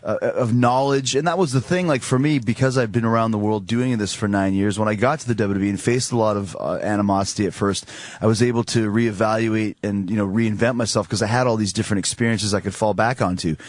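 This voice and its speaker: A man who is a wrestler and musician, guesting on a radio talk show in a studio and telling stories in a rapid, self-aware way. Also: on the low side, no echo. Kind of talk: casual radio interview chat. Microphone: studio microphone.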